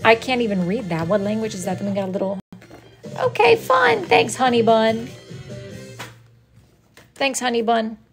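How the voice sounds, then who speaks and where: A woman's voice: fairly high pitch, normal speed, long pauses, music in the background. A woman hosting a casual live stream, reading viewer messages aloud in a dry, sarcastic, mock-scolding way. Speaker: wood-burning artist hosting a live stream.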